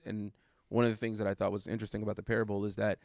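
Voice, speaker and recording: Low gravelly-voiced man explaining his sermon. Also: level tone, rapid-fire, a little mellow, no room sound. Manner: thoughtful, with frequent fillers and restarts. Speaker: guest preacher. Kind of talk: casual conversation about a sermon.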